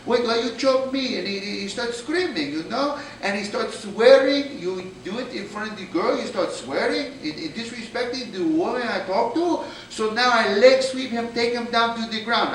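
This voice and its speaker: A brash Brazilian jujitsu fighter, put on by a man, bragging in broken English with a Brazilian Portuguese accent. The pitch sits high for a man. The voice echoes around a room and is picked up from far off. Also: lively intonation, moderate pace, few pauses, fairly bright tone, slight background noise. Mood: boastful. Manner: broken English, boastful storytelling. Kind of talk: stand-up impression.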